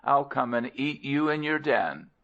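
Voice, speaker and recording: A man's voice: mid-range voice, sing-song, measured pace, a bit bright, pitched above the performer's own voice. A man voicing a hungry, bad-tempered female fish who talks in an impatient, snappish way, on a dull lo-fi recording. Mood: vengeful.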